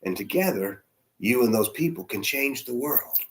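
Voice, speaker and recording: A man voicing a gentle, motherly older woman in a soft, hushed, coaxing way. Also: mid-range voice, expressive, moderate pace, slight background noise, lightly acted. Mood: tender.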